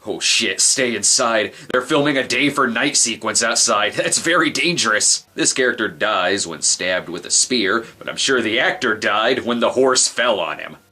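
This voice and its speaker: A man's voice: lowish voice, expressive, normal speed, few pauses, bright, forceful tone. A man hosting a comedic movie review, sarcastic and wisecracking. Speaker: film reviewer host.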